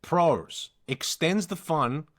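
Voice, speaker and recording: A man's voice: on the high side, takes it slowly. An Australian man in his thirties, a podcast co-host, telling rowdy stories in casual chat and swearing constantly. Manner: swears constantly, animated storyteller.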